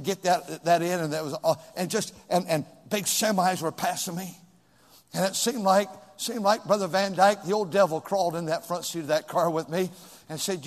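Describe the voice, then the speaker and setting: A pastor preaches in a church sanctuary, his voice sitting high for a man. He repeats phrases for emphasis and swings between shouted peaks and hushed lines. Long reverb trails after his words in the hall. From California. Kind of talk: sermon.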